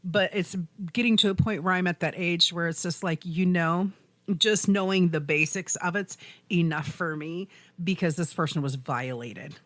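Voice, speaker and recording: A woman's voice: on the low side, moderate pace, fairly bright tone, no room sound. A woman co-hosting a casual podcast chat, talking in a chatty way, laughing often and restarting her sentences. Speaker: podcast co-host.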